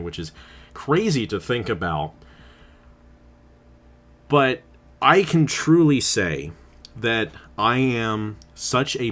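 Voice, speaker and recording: A man's voice: fairly low pitch, a bit bright. A man, host of an online racing channel, giving heartfelt closing thanks while crying and laughing through tears. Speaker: channel host and race commentator. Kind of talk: emotional closing remarks on a stream.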